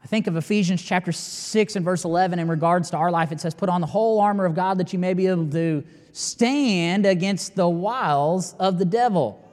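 A man preaching a sermon as pastor, emphatic and building to near-shouting, with long dramatic pauses. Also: sits high. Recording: long reverb of a large hall.

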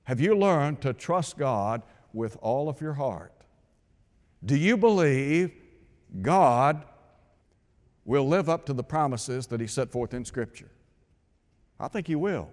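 A man's voice: medium pitch, expressive, takes it slowly, long pauses, a little mellow. Man preaching in a reverberant hall. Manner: rhetorical questions, emphatic repetition. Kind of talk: radio sermon.

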